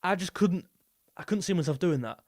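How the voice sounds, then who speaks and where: Young male streamer for a casual reaction chat; voice sits a little high, loose and repetitive delivery, dry close-miked sound. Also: expressive, fairly quick, no echo. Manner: rambling, repeats himself, reads super chats aloud. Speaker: football YouTuber hosting a live stream.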